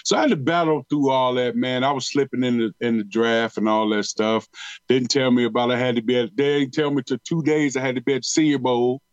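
Animated ex-athlete man telling stories. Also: mid-range voice, a little fast, no echo, highs cut off. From Detroit. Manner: animated storyteller, drawls and repeats words, slangy. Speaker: retired pro football player, guest. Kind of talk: casual storytelling interview.

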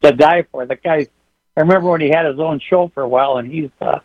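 A man calling in to a radio talk show, rambling and halting as he talks. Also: a little high, no room sound, soft background music. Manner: rambling, halting, with many restarts. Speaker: caller. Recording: phone line.

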